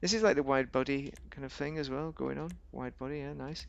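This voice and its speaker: A man hosts a gaming video in a steady, slightly fast voice with vocal fry. As he plays, he keeps up casual, rambling, jokey chatter, often aimed at himself, broken by sudden pitch jumps.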